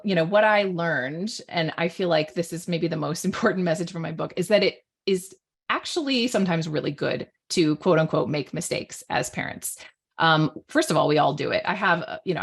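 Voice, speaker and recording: A woman's voice: fairly low pitch, creaky, slightly rough. A middle-aged woman, a parenting author, talking casually with lots of "like" and "you know" fillers. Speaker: author and guest expert on parenting. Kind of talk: casual online panel talk.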